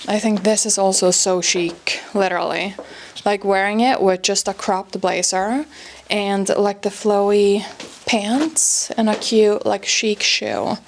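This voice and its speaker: A young woman chatting casually in a fashion vlog, gushing over clothes with lots of "like" and quick asides. She sounds a little breathless as she changes outfits, with her pitch sitting in the middle range. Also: steady tone, a little hiss or hum. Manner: gushing, filler-heavy, says "like" a lot. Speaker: fashion vlogger. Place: her home wardrobe room.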